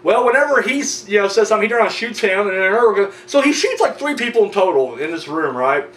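A man's voice: sits high, expressive, fast, a bit bright, recorded from a distance. Male horror reviewer, casual rambling recap, profane and filler-heavy; roomy sound with a faint hum behind him. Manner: loose and profane, heavy on fillers like "you know" and "like".

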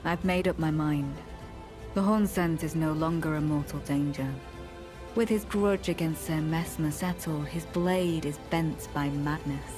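A woman's voice: sits low, steady tone, unhurried, over music. An actress with a northern English accent playing a matter-of-fact female knight. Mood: resolute.

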